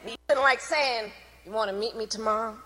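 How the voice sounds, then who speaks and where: A woman's voice: on the high side, fairly quick, sharp tone, rough recording. A woman politician in public speech clips, with casual, folksy phrasing.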